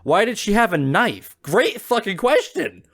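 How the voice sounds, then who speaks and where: Game host, excitable and reactive, swears, voice sits a bit high. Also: male voice, a little slow. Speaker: let's play host. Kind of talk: reading a game aloud with reactions.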